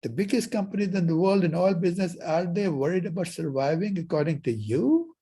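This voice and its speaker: A man lecturing as a university professor in a lecture hall tells stories and acts out the dialogue. His high-pitched voice is animated and fairly quick, with a dark tone and a breathy edge.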